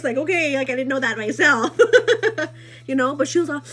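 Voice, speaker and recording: A young woman hosting a live vlog, rambling in a gossipy, casual way, full of "like" and "you know what I mean," animated and quick to laugh. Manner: animated and laughing, pitch jumps up when riled. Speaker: livestream host.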